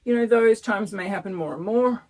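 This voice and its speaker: A woman's voice: mid-range voice, normal speed, a little hiss or hum. A woman, talking earnestly and emotionally in a casual vlog, filmed outdoors in front of her house. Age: 50s. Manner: emotional, earnest, close to tears. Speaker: vlogger. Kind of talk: casual pregnancy update vlog.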